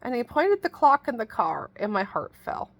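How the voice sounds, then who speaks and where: A middle-aged woman tells a long, rambling story to the camera in a casual vlog. Her voice has a gravelly, fry-laden edge, and she talks in a folksy, exasperated way, piling one detail onto the next. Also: on the high side, very animated, moderate pace. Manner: chatty, rambling, exasperated retelling with a rural folksy way of talking. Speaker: vlogger.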